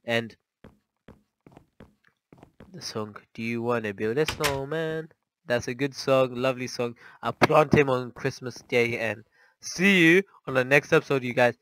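A young-sounding man talks through his own gameplay in a loose, chatty way. He startles easily and tips into panicky exclamations, and his voice sits at an ordinary middle pitch. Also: a little slow, fairly bright tone, a little hiss or hum, poor audio. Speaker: gaming channel host. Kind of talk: casual gameplay commentary.

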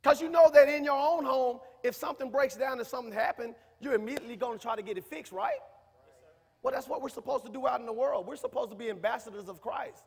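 A man, preaching a sermon in a church, who repeats himself and rises to shouts. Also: very high voice, fast, creaky, slightly rough. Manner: preaching, rising to shouts, talkative, repetitive. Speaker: minister. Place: church sanctuary. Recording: reverberant church hall.

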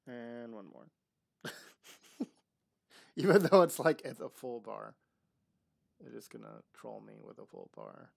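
A man's voice: lowish voice, big pitch swings, slow, creaky, pauses often. A man streaming a game live, chatting casually and talking to the objects on screen. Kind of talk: live gameplay commentary.

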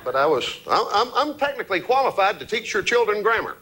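A man's voice: sits high, sing-song, quick pace, heavy background noise. A man from Georgia with a thick Southern accent, chatting as a guest comedian, self-deprecating and joking, laughing often. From Columbus, Georgia, US. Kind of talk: casual interview chat.

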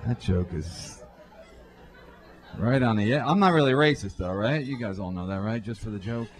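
A man's voice: fairly low pitch, animated. Brash, profane male stand-up comic. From Irish-American. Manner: brash, profane, quick asides to the crowd. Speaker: stand-up comedian. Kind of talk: stand-up comedy routine. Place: comedy club stage.

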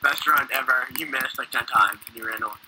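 A young man chatting excitably while gaming, calling out what happens in the match. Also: medium pitch, fast. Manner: excitable, reacting play by play. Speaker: gamer. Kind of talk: gaming chat. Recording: echoey room, clear hiss.

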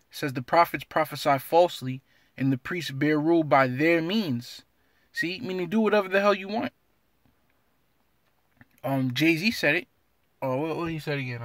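A man's voice: fairly high pitch, fairly bright tone, no echo, studio quality. A man giving an informal scripture lesson, blunt and streetwise, tagging his lines with "man" and reading verses aloud in an old-fashioned cadence. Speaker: religious teacher.

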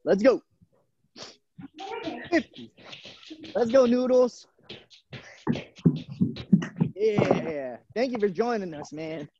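A man's voice: sits high, drawn-out words, pauses often, mellow. Upbeat male coach on a lo-fi video call. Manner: upbeat, encouraging, calls out kids by nickname. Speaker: gymnastics coach. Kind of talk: live virtual fitness class. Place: gym. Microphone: camera mic on a video call.

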